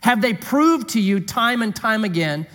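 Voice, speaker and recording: A middle-aged man preaches a sermon framed as a comic story, animated and full of exclamations. His voice sits high and moves at a measured pace, with a long echo from the hall around him.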